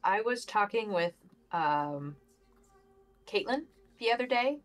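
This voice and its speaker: A woman's voice: mid-range voice, slow pace. A woman player in a tabletop game, chatting casually after the session and piling up words for emphasis. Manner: emphatic, piles up words when excited.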